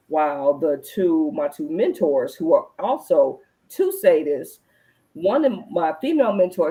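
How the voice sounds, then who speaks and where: A woman with a fairly low voice hosts a casual adult conversation. Her pitch swings widely as she tells stories with energy. She acts out her own reactions and swears casually. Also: mellow, low-quality recording. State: recalls being pregnant at the time, not now. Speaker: podcast host.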